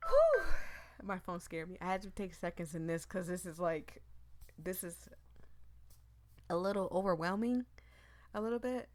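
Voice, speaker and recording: A woman gaming streamer reading a visual novel aloud and commenting, emotive and immersed, with nervous laughs and rushed asides. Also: on the low side, fairly even intonation, a little mellow, a little hiss or hum.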